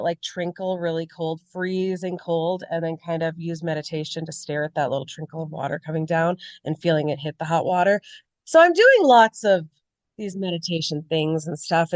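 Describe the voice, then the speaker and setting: A woman's voice: on the low side, no echo. A woman co-hosting a podcast, talking candidly and in a rambling way about personal struggles in casual chat. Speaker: podcast co-host.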